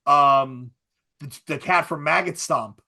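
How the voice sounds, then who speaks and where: A man hosting a casual podcast chat, talking loosely with quick asides, laughs and swearing. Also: on the high side, vocal fry, sharp tone. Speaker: podcast host.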